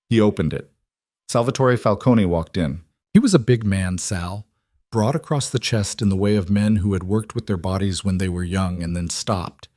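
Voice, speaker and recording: A man giving measured, deliberate scripted narration of a crime drama. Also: lowish voice, a little mellow, no echo, studio quality.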